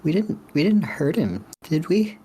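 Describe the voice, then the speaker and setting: A man voicing Halo, a timid and naive young character, in a soft, hesitant way. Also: on the high side, big pitch swings, measured pace, husky, full character voice. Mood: worried.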